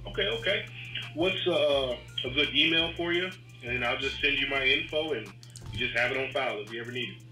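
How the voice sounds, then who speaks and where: A man's voice: medium pitch, a little fast, soft background music. Friendly male realtor on an echoey call. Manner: friendly, easygoing, salesman-casual. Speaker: realtor making a cold call. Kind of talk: recorded phone cold call. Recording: bright, echoey call recording.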